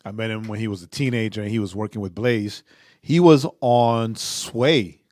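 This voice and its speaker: A man's voice: lowish voice, moderate pace, a little mellow, dry recording, studio quality. A man co-hosting a podcast, chatting casually with jokey, teasing banter. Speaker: podcast co-host. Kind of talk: casual chat.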